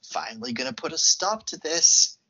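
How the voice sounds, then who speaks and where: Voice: mid-range voice, lively intonation, moderate pace, pushed and bright, muffled recording, slight background noise. A podcast co-host casually recapping a film plot, laughing often.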